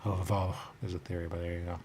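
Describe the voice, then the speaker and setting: A man talking in a rambling, trance-like monologue, halting and repeating the same phrases over and over. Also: low voice, flat delivery, a little mellow, slight background noise. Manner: repetitive, halting, circles back on phrases.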